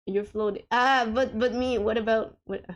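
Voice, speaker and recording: A woman's voice: a little high, fairly even intonation, moderate pace, highs cut off. A woman streaming a co-op game with friends, chatting casually and hesitantly with lots of fillers and frequent giggles.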